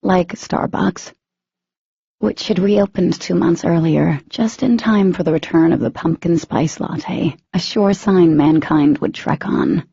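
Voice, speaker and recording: A woman narrates a romance audiobook in the first person, her voice husky and edged with gravel. She lets the heroine's emotion show through. The recording is dull, muffled and very dry. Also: lowish voice, takes it slowly, dark tone, no echo.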